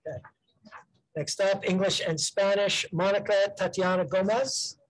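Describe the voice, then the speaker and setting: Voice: medium pitch, fairly even intonation, low-quality recording. A presenter at a school board meeting, reading out student names one by one and stumbling and correcting themself over the pronunciations. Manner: halting, self-correcting, careful over name pronunciation.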